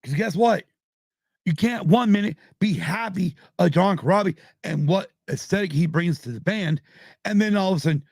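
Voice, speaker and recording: Gravelly, angry man in his fifties ranting. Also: high-pitched, moderate pace, darkish tone, no room sound, studio quality. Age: 50s. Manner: angry, swearing, heated. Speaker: podcast host. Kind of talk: profane live-stream rant.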